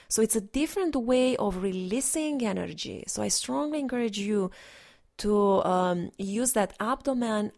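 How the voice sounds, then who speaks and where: A woman's voice: mid-range voice, gravelly. A woman energy healer in a casual, rambling monologue, earnest and instructive, with frequent restarts.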